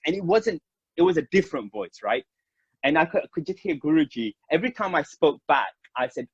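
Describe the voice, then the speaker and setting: A man from Mauritius telling stories in a relaxed, informal way, laughing now and then and calling people "bro". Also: fairly high pitch, brisk, breathy edge, no room sound. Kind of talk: casual storytelling. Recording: dull lo-fi dry sound.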